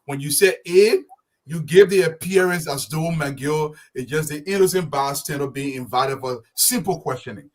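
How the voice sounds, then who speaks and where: Forceful man in a debate. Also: fairly high pitch, normal speed. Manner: forceful, insistent, lecturing. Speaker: panelist. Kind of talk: heated political talk show debate.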